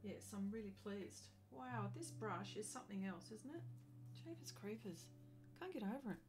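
A middle-aged woman chatting casually to viewers while she paints on a live stream, chatty and self-deprecating with bursts of excited laughter. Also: medium pitch, moderate pace, over music.

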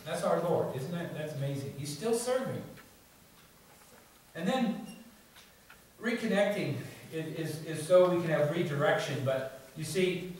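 A man's voice: on the high side, expressive, a little slow, pauses often. A male pastor preaching a sermon in a conversational way, often adding "you see" and "okay?", recorded in a church. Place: church sanctuary. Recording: very echoey church, distant mic, faint noise.

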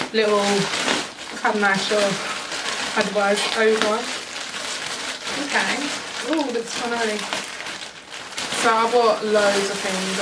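A young woman from the UK chatting casually through a clothing try-on haul at home, rambling and playful. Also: mid-range voice. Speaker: fashion vlogger. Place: room at home. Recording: distant camera mic with background noise.

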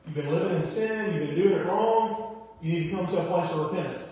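A man's voice: high-pitched, fast, dark tone. A man preaching a sermon as pastor, in a conversational style that repeats phrases and acts out the voices of people he quotes. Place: church sanctuary. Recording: echoey church hall, distant mic, faint hiss.

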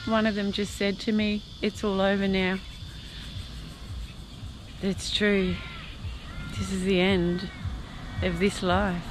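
A woman's voice: mid-range voice, level tone, slow, long pauses, background noise. A woman hosting her own spiritual vlog outdoors, chatty and self-amused, at times tearful and emotional. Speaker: channel host. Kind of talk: spiritual vlog, talking to camera. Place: outdoors, driving around hills.

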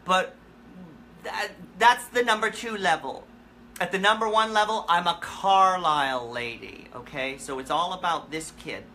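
A woman hosts a live comic question-and-answer session in character. Her voice sits a little low but sounds bright and forceful. She tells absurd stories deadpan and rambles through halting restarts. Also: slight background noise. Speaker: comedic musician persona hosting a live Q&A. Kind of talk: rambling comic livestream chat.

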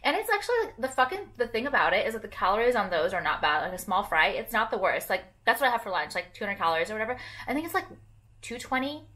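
A woman's voice: mid-range voice, animated, fast talker, bright, forceful tone. A young woman vlogging casually to camera while doing her makeup, rambling with lots of fillers and casual swearing.

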